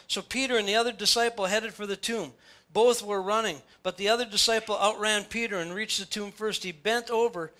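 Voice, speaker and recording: A man preaching a sermon in a church, reading scripture aloud and explaining it in an animated, storytelling way. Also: sits high. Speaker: pastor. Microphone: church sound system.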